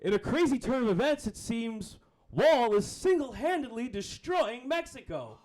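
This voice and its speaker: A man playing an excited TV basketball announcer with a loud, booming broadcast delivery. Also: normal speed. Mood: hyped.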